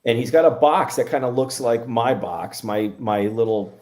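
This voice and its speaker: A man's voice: medium pitch, moderate pace, a little mellow. A man, a medium guest, telling a story in a casual interview, rambling with many fillers and restarts.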